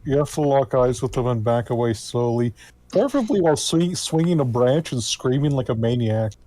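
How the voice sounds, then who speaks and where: A man's voice: mid-range voice, lively intonation, brisk, warm tone, dry recording. A man in a casual chat with friends, joking in an offhand way. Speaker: player.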